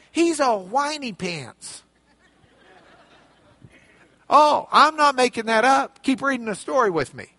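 A man preaching a sermon, retelling a Bible story with animated storytelling and playful character voices. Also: extremely high pitch, no echo.

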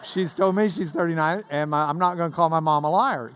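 A man's voice: on the high side, brisk, a bit bright. A man, preaching a sermon to a class, telling stories and building to passionate swells. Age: 50s. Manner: storytelling with swells of rising intensity. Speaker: pastor.

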